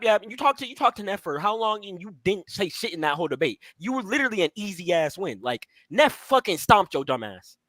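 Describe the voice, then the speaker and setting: A man guest mocking a rival in fast, repetitive, heated banter. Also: high-pitched, a bit bright, dry recording, rough recording.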